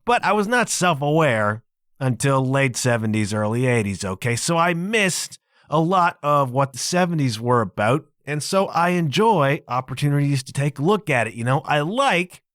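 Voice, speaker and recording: A man's voice: medium pitch, very animated, moderate pace, a bit bright, no room sound, studio quality. A man in his fifties hosting a solo podcast, talking casually and chattily with frequent asides to his listeners. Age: 50s. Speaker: podcast host.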